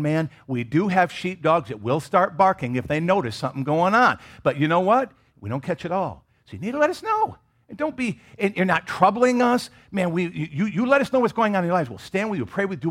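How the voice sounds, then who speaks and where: A middle-aged man from Michigan preaching a sermon as pastor, animated and joking with the congregation in casual asides. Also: on the high side, breathy edge.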